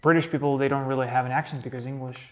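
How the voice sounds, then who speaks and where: A man co-hosting a podcast, asking questions in a relaxed, conversational way. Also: mid-range voice, racing. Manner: asks questions, many short backchannels. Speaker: podcast co-host. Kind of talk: casual interviewing.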